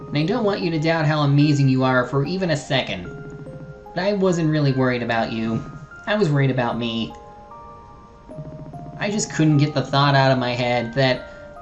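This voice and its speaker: A woman's voice: rumbling low, muffled recording. A streamer voicing an earnest, remorseful young woman adventurer, reading game dialogue aloud with small slips and restarts.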